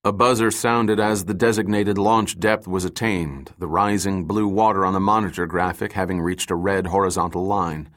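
This man narrates a thriller audiobook from a script, his low voice steady and measured throughout. He keeps the pacing even so the action stays clear.

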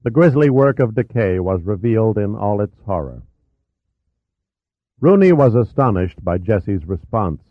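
A man reading a novel aloud as an audiobook narrator, in a steady, even way. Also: on the low side, normal speed, no echo. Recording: tinny narrow-band audio.

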